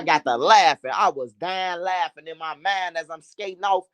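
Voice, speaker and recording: A man casually telling a profane, animated street story, repeating phrases for emphasis. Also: a little high, normal speed, few pauses, no echo.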